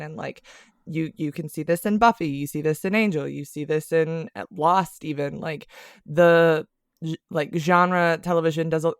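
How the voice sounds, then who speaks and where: A woman's voice: sits low, clean tone, no room sound, clean studio sound. A woman guest from California chatting on a podcast, laughing easily and rambling with fillers. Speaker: guest TV writer. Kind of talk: casual podcast chat. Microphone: remote mic.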